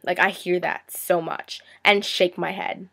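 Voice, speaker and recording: A woman's voice: lowish voice, fairly even intonation, measured pace, vocal fry, a bit bright. A teenage girl ranting in a vlog, sarcastic and exasperated, now and then slipping into mocking impressions. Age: teens. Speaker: vlogger.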